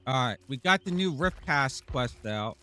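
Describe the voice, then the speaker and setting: A man's voice: mid-range voice, expressive, normal speed, sharp tone. Playful teasing male game streamer. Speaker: live-stream gamer host. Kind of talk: casual live-stream chat to viewers.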